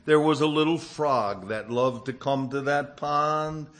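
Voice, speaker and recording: A male preacher delivering a sermon through a storybook fable. He speaks slowly and gently, with a voice sitting slightly high for a man. His telling is soft and unhurried.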